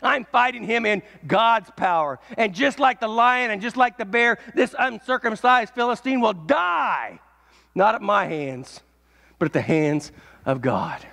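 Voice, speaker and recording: A male pastor preaching a sermon, telling a story and swelling into shouts at its peaks. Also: high voice, animated, a little slow, gravelly. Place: church. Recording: echoey church hall.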